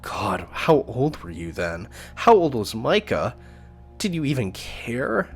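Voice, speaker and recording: A man puts on a young woman from a story game, pitched well above his own low voice. She sounds cold and curt. Faint music plays behind. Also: wildly swooping pitch, takes it slowly, breathy edge, heavily acted. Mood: scornful.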